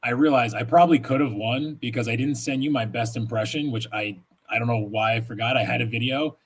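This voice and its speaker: A man's voice: medium pitch, fairly quick, a little hiss or hum. A man co-hosting a podcast, telling rambling stories in casual chat, laughing and swearing as he goes. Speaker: podcast co-host.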